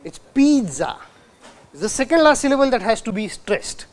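A male university lecturer from India speaks fast in a very high, animated voice. He poses rhetorical questions to the audience and demonstrates sounds.

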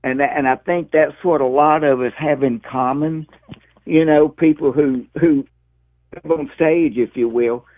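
Brief: folksy Southern comic in his 60s, slightly high voice, tinny phone line. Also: measured pace. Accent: Southern US (Mississippi). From Mississippi, USA. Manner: lively storyteller, calls the host "man" and "dude". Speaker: stand-up comedian guest. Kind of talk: interview over the phone.

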